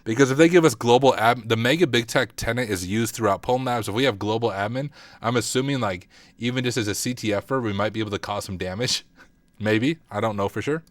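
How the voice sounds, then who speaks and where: A man's voice: medium pitch, fast talker, dry recording. A man streaming a casual hacking walkthrough, thinking aloud and teasing himself as he types. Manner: thinks aloud, self-deprecating, mutters while typing. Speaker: cybersecurity streamer.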